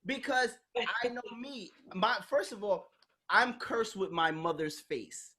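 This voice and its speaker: A woman's voice: medium pitch, animated, a little slow, sharp tone. A woman hosting a podcast in casual chat, talking bluntly and animatedly, acting out quoted voices and swearing freely. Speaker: podcast host.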